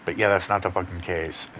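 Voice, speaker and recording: A gaming channel host with a lowish voice talks casually over his gameplay against a noisy background. Laid-back, rambling and blunt, he swears plenty, yawning and sounding a bit tired.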